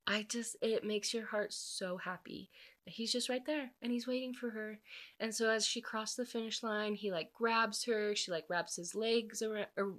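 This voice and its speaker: A woman's voice: on the high side, steady tone, normal speed, a bit bright. A woman casually recapping a romance novel, chatty and full of fillers, gushing and emotionally invested. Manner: chatty, filler-heavy storytelling. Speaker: book reviewer.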